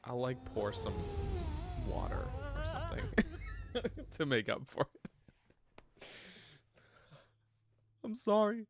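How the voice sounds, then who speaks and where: Canadian guy streaming a game, chats and laughs a lot, lively up and down voice, faint music behind. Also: medium pitch, takes it slowly, creaky, pauses often. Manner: chatty, laughs often, reads chat aloud. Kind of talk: casual gameplay stream chat.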